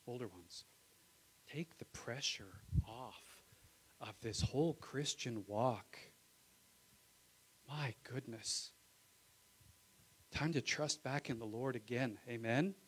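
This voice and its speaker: A male pastor preaching a live Sunday sermon in church, swinging from loud exclamations to hushed asides and calling "Amen?" to the congregation. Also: mid-range voice, breathy edge, rough recording. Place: church sanctuary.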